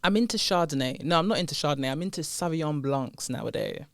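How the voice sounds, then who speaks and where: A British woman hosts a podcast while seated indoors, talking fast in a low, animated voice into a podcast mic. The sound is clean studio quality with no echo, and she's casual and playful, laughing often and using slang.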